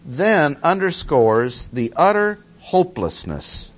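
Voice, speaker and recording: A man's voice: fairly high pitch, very animated, takes it slowly. A man teaching through a Bible passage verse by verse, stressing key words by repeating them.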